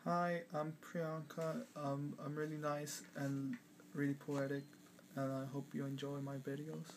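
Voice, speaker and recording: A young man voicing a sweet, poetic girl vlogger who puts on a British accent and talks softly and self-consciously. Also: on the high side, little pitch movement, unhurried, a little hiss or hum. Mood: demure. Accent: put-on British.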